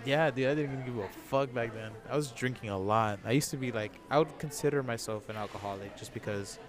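A man's voice: medium pitch, quick pace, music in the background. A man talking as a podcast guest in casual chat, laid-back, swearing a lot and laughing at himself.

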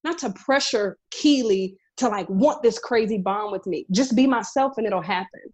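A young adult woman co-hosting a casual podcast chat, telling animated stories and acting out quoted dialogue. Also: mid-range voice, normal speed, husky. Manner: animated storyteller, acts out quoted dialogue, says "girl" often. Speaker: podcast co-host, chef.

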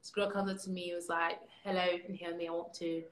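A woman chatting casually on a livestream, telling animated, slangy stories about fans. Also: lowish voice, quick pace, reverberant, rough recording. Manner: animated storyteller, slangy and swearing. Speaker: livestream guest.

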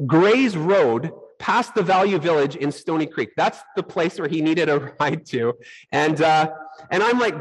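Man, middle-aged pastor, sermon, lively storytelling, slightly high voice. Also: normal speed, breathy edge, poor audio. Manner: animated storytelling, acts out his own reactions. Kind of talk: sermon with personal stories.

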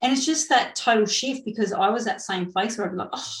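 A woman with a gravelly edge to her mid-pitched voice, hosting a podcast. She speaks keenly and casually, with lots of "you know". The sound is roomy and echoey. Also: fairly quick. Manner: enthusiastic, chatty, lots of fillers. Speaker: podcast host. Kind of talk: casual interview chat.

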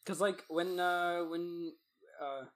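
A young man from Texas in casual chat, an animated storyteller with many fillers and a husky voice. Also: high voice, takes it slowly.

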